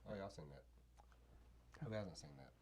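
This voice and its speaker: A man's voice: low voice, animated, brisk, crowd noise. A man hosting a live stream, bantering and teasing his guests in a playful way. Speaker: host.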